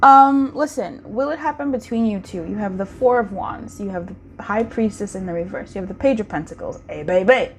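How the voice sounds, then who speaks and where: A woman giving a casual pick-a-card tarot reading, chatty and intimate, with sing-song crooning calls and slow, stretched-out emphasis. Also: mid-range voice, slight background noise.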